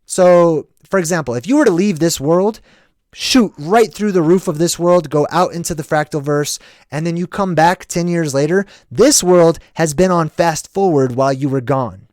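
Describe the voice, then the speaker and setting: A man's voice: on the high side, moderate pace, darkish tone, no room sound, clean studio sound. An American man hosting a casual livestream, rambling and reflective, often checking in with "right?". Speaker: livestream host.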